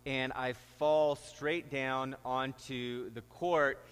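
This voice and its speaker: A man's voice: mid-range voice, fairly even intonation, drawn-out words, a bit bright, clear, resonant tone, big-room sound. A middle-aged man, a pastor, preaching a sermon and telling stories with rising, emphatic delivery. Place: church sanctuary.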